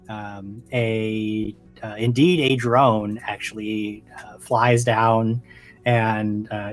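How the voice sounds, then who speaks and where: A man's voice: mid-range voice, rough recording. A man running a tabletop game as game master, narrating with frequent hesitations and fillers.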